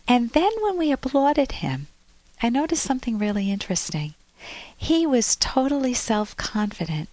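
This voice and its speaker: A woman's voice: lowish voice, dry recording. A woman hosting a relationship advice podcast, telling personal stories in a chatty way and reading from a book. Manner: chatty, personal storytelling with asides.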